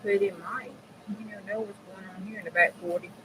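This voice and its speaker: A woman's voice: medium pitch, fairly even intonation, a little fast, pushed and bright, a little hiss or hum, poor audio. Chatty middle-aged woman crafting. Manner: chatty, folksy, talks straight to viewers. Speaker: craft channel host. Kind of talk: casual chat while crafting on a livestream.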